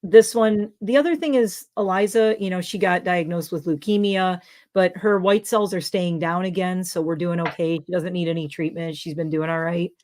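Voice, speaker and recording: A woman with a lowish, steady, darkish-toned voice speaks at a moderate pace. She's a dog trainer hosting a casual livestream chat, rambling and relying heavily on filler words.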